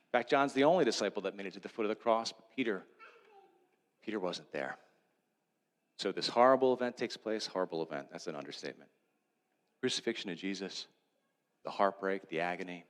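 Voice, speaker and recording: A male pastor preaching a sermon, retelling a story with animated swings between loud, excited lines and hushed, low ones. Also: big-room sound. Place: church sanctuary.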